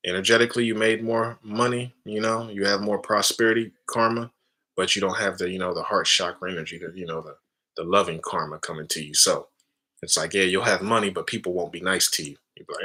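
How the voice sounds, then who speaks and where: Spiritual teacher, deep sharp voice, casual talk, calls listeners family. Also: male voice, breathy edge. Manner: casual, addresses listeners as family, frequent tag questions.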